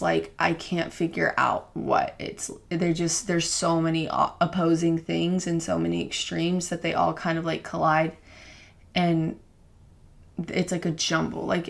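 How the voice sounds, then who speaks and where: A woman's voice: lowish voice, gravelly. A young woman co-hosting a podcast, talking through her feelings in casual, rambling chat full of "like" fillers. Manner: rambling, heavy use of "like" fillers; earnest, openly emotional self-reflection. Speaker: podcast co-host.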